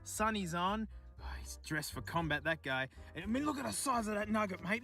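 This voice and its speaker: A man's voice: high voice, lively intonation, a little fast, gravelly, bright, forceful tone, soft background music. An Australian man chatting casually outdoors in remote bushland, joking and talking to the things he finds as he goes. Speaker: streamer. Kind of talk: casual vlog chat.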